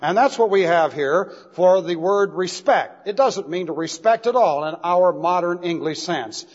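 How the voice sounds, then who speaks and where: A male preacher teaches verse by verse, leaning hard on the words he wants to land. His voice sits a little high for a man. The recording is dull and muffled, with a long reverb trailing through a large hall. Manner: emphatic, drawn-out stress on key words. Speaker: pastor. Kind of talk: expository Bible sermon.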